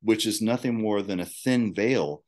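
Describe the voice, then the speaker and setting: Male guest with a lowish voice, halting, many fillers, casual discussion. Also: darkish tone.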